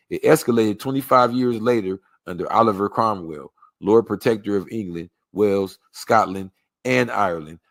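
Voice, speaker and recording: A man reading a measured documentary narration. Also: lowish voice, dry recording. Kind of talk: scripted narration.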